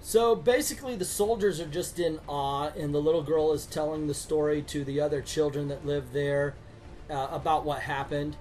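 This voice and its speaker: A man's voice: fairly high pitch, steady tone, normal speed, darkish tone, slight background noise. A man giving a sarcastic, exasperated comic book review, swearing now and then.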